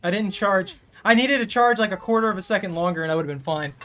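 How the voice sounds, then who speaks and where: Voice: medium pitch, fast talker, a bit bright, a little hiss or hum. A gamer giving gameplay commentary while playing a killer, ranting and swearing constantly in frustration.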